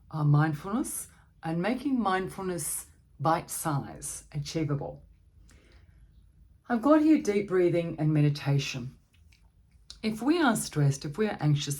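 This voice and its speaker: A woman therapist giving a gentle, conversational talk on coping with anxiety, with frequent fillers and restarts. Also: sits low. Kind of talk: informal talk on anxiety strategies.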